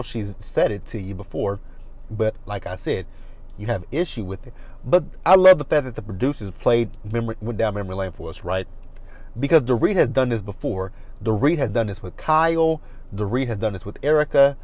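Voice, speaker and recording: A man's voice: on the low side, expressive, fairly quick, darkish tone, rough recording. Blunt, profane man recapping TV. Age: 30s. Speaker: reality TV reviewer. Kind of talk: casual TV recap commentary. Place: parked car.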